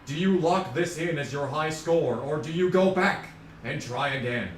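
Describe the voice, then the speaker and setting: A man's voice: on the high side, moderate pace, pitched above the performer's own voice, lightly acted. A man putting on a laid-back God figure, offering a replay and a choice like a game menu. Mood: amused. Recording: roomy, distant mic, faint hiss.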